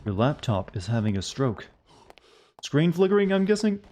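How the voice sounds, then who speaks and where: Guy streaming a game, reads the text out then jokes with chat, middle pitch, bit of faint noise behind. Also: very animated, normal speed, a little mellow. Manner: reads on-screen game text aloud between joking asides; casual chat with viewers. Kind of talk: live-streamed gameplay commentary.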